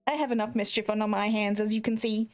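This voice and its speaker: A woman's voice: mid-range voice, fairly even intonation, quick pace, soft background music. A woman with an Australian accent, slightly Americanized, chatting casually with her live chat as a streamer, rambling and giggling.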